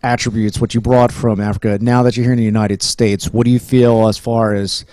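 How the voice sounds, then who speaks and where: A man's voice: medium pitch, little pitch movement, brisk, warm tone, no room sound. A middle-aged man from New Jersey with a New Jersey accent, hosting a casual interview, rambling and joking with many restarts. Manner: rambling, restarts often, jokey. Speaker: podcast host.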